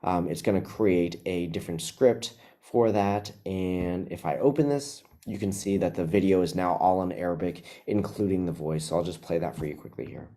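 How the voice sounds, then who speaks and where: A man gives a casual live webinar walkthrough of video software. His voice is low and mellow. He speaks in a relaxed way, filling pauses with ums and uhs. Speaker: webinar presenter.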